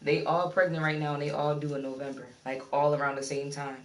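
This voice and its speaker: A woman's voice: low voice, level tone, fast. Teasing woman, echoey and off-mic. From Maryland. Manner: loose, teasing, laughs often, reads chat aloud. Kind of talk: casual livestream chat. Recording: echoey room, far from mic, faint noise.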